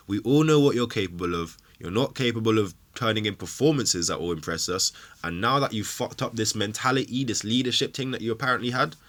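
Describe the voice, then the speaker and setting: A man's voice: fairly low pitch, animated, quick pace, few pauses, a bit bright. A man hosting a football fan show, ranting angrily and emotionally with heavy swearing. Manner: angry, swearing, emphatic rant.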